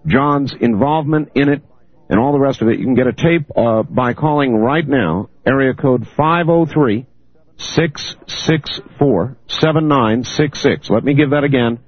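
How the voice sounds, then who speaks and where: Male call-in radio host, measured and steady, dry lo-fi broadcast. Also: medium pitch, dry recording. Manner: steady, measured, moderating callers. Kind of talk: late-night call-in radio hosting.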